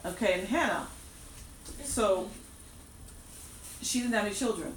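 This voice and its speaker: A woman's voice: mid-range voice, animated, measured pace. Woman preacher, emphatic and repetitive, roomy echo, mic set back from her. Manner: emphatic, repeats key phrases. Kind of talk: sermon. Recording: echoey room, distant mic, faint background noise.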